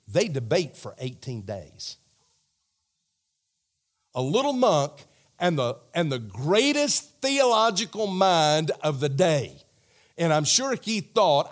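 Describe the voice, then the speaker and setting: A man preaching a sermon as animated storytelling, talking directly to the crowd. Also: on the high side.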